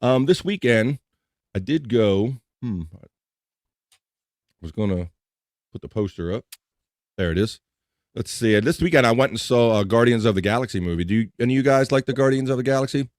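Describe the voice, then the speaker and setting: A man's voice: medium pitch, expressive, moderate pace, long pauses, a little mellow, dry recording, studio quality. A man with a slight Mid-Atlantic American twang hosting a live podcast show, chatting casually and restarting his sentences as he goes. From Mid-Atlantic United States. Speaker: podcast host. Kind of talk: casual live-stream chat.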